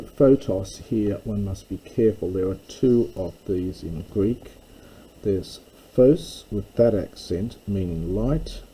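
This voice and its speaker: A man teaching a text line by line, slow and careful, with frequent ums and uhs. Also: deep voice, warm tone, slight background noise, low-quality recording. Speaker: Greek tutor. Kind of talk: line-by-line lecture.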